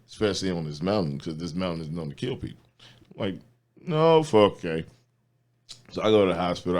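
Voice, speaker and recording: A man telling a long, profane story in casual chat, acting out the people he quotes. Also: deep voice. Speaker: comedian guest.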